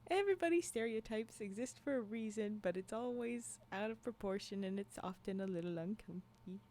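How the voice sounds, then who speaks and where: Chatting with viewers on a livestream, a woman tells stories full of restarts, trailing asides, and frequent laughter. Her mid-range voice is expressive and a little mellow, moving fairly quickly.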